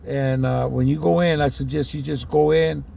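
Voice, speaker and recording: A man's voice: a little high, steady tone, moderate pace, vocal fry, dark tone. A man doing his easygoing dad. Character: easygoing older father scolding his son.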